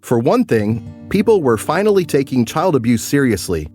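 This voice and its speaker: Lively-voiced male podcast narrator. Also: mid-range voice, faint music behind. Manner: measured, storytelling. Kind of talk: scripted narration.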